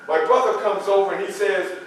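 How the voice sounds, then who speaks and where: Guy doing a former slave statesman telling his story, fairly high voice, heard from far off in a big echoey room. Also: fairly quick, slight background noise. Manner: storytelling, swings from loud excited quotes to quiet grief. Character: man portraying a famous former slave statesman. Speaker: historical reenactor. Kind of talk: first-person living-history monologue. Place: public library hall. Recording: distant voice in an echoey hall.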